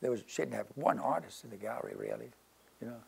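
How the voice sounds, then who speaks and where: A man's voice: medium pitch, expressive, fast, gravelly, a little mellow, husky. An older man telling rambling stories in an interview in his studio, peppering his talk with "you know" and "you see". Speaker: interviewee, painter. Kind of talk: casual anecdotal storytelling.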